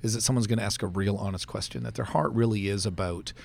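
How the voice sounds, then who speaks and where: A man's voice: on the low side, fast, vocal fry. A man hosting a church podcast, talking in a casual, rambling way with lots of restarts and easy laughter. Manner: rambling, chatty, many fillers and restarts, laughs easily. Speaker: podcast host and church pastor. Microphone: studio mic.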